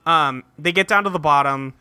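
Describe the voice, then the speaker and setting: Bright, dry-sounding joking man. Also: fairly high pitch, normal speed, smooth, no room sound. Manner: profane, joking, rambling with fillers. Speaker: podcast co-host. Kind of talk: casual episode recap chat.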